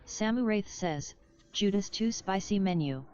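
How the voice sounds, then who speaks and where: A woman's synthetic voice reading out chat messages in a flat, even way. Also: medium pitch, unhurried, a little hiss or hum. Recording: dull lo-fi text-to-speech audio.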